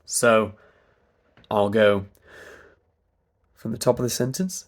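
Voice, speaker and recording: A man with a British RP accent and a stuffy nose, coaching pronunciation by stretching vowel sounds very slowly. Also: lowish voice, steady tone. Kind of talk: slow demonstration of vowel sounds.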